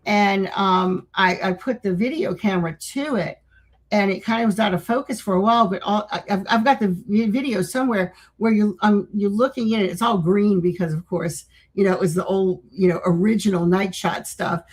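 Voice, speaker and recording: Older woman guest, husky, rambling storyteller with lots of restarts. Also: mid-range voice, brisk, low-quality recording. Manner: rambling, with many restarts and acted-out quotes. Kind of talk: casual interview storytelling.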